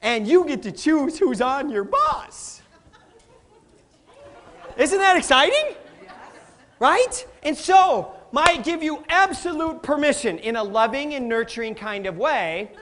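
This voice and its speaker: A middle-aged man giving a live motivational talk, energetic and playful, quizzing the audience and laughing often. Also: very high voice, unhurried, few pauses, some chatter behind. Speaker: motivational speaker.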